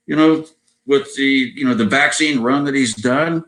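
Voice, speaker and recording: Over a rough, low-quality video call, a man of about seventy from Southern California chats loosely as a guest musician in a casual interview. He speaks at a moderate pace in a medium, fairly bright voice with an American accent, often adding "you know" and "right?".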